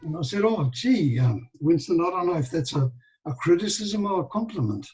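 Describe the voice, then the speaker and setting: An older man, telling animated anecdotes with quoted dialogue as an interview guest. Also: a little high, normal speed, low-quality recording. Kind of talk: storytelling in a casual interview.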